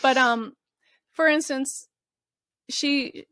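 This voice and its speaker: A woman's voice: high voice, drawn-out words, bright, forceful tone, no room sound. Woman guest, earnest and emotional storytelling, dry close recording. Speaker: guest, mother of a patient. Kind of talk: interview storytelling.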